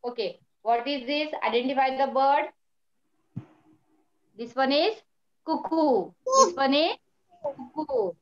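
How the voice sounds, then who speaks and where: Woman teacher, slow patient speech, higher voice, dull lo-fi sound. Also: animated. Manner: patient, repeats words, praises often. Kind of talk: online primary school lesson.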